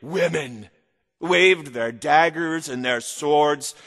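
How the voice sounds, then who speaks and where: A man's voice: fairly high pitch, slow, fairly bright tone, long reverb tail. A man reading a rhyming children's story aloud in a theatrical, sing-song manner.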